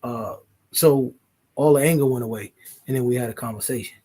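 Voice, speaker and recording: Husky man, earnest podcast talk. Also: medium pitch, brisk, dark tone. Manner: earnest, interrupts and apologizes, swears freely. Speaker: podcast co-host. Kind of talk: casual couple chat.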